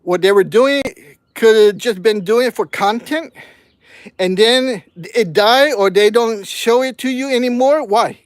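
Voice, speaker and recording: A man in his sixties talks slowly in a breathy, winded voice on his own gardening livestream, his words clipped short. He is blunt and complaining as he reads viewer comments. The sound is dry and close, with no room around it. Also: sits high, dry recording. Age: 60s. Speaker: gardening channel host.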